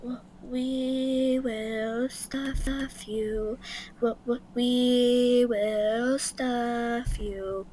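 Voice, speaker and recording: A woman voicing a cheerful mascot girl who turns eerie, speaking in a slow sing-song. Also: a little high, steady tone, dark tone, slight background noise.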